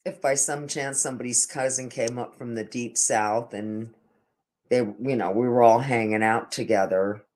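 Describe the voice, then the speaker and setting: A man's voice: mid-range voice, steady tone, moderate pace, darkish tone. An older man telling a casual, meandering story to his camera, often restarting his sentences and stammering over repeated words. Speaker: vlogger.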